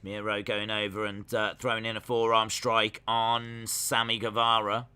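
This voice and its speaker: A young man hosts a live reaction stream, chatting loosely as he watches and reads out viewer comments. His voice is strikingly bright and sharp, and he jokes along with the action. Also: lowish voice, completely flat delivery, normal speed, smooth. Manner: chatty, jokey, talks to chat while watching. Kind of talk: casual live reaction commentary, reading chat.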